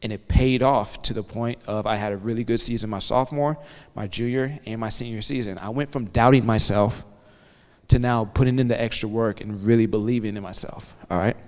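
A man in his thirties giving a motivational talk to students as a guest speaker, telling lively stories and often checking in with the audience. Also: on the low side, a little fast. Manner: energetic storyteller, checks in with the audience. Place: campus hall. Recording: long hall reverb.

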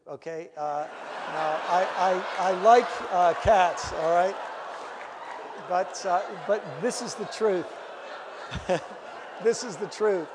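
A middle-aged man, a pastor, giving a lecture full of comic stories, animated and full of restarts. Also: sits high, background noise. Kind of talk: humorous storytelling lecture. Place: lecture hall. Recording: reverberant hall.

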